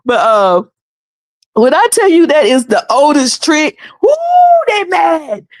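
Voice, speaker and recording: A woman hosting her own livestream, talking in a lively, colloquial, preachy way. She laughs often, and her voice sits fairly high. The sound is close and dry. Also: slow pace, no echo, shouting. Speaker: livestream host. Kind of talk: casual livestream commentary.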